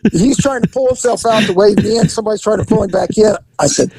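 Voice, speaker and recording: A middle-aged man telling a story in casual chat, acting out voices with big jumps in pitch. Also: fast, few pauses, darkish tone, a little hiss or hum, low-quality recording.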